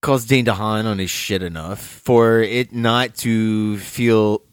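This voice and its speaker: A man's voice: fairly low pitch, fairly even intonation, slow pace, clean tone, no echo. A man co-hosting a casual film review podcast, laid-back and chatty, often saying "dude" and "you know". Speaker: podcast co-host.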